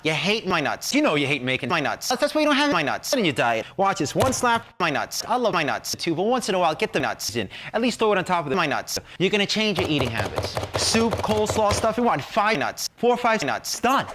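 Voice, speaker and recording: A middle-aged man giving a pushy, emphatic infomercial sales pitch, firing off short selling lines. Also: sing-song, brisk, fairly bright tone, a little hiss or hum.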